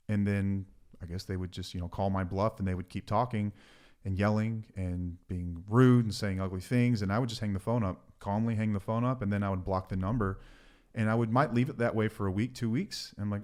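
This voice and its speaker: A man's voice: fairly low pitch, brisk, a little mellow. A man co-hosting a podcast, talking earnestly with joking asides. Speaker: podcast co-host. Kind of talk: casual chat.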